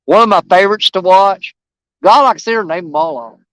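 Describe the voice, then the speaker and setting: A man's voice: sits high, a little fast, a bit bright, clear, resonant tone, dry recording, low-quality recording. A man chatting to live-stream viewers outdoors by a river, folksy and enthusiastic.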